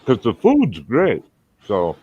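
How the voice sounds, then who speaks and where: Host, man, chatty, eats while talking, animated delivery, muffled lo-fi mic. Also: mid-range voice, takes it slowly, breathy edge, dry recording. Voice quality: talks with his mouth full. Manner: jokey and chatty, lively. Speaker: show host. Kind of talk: casual livestream chat while eating.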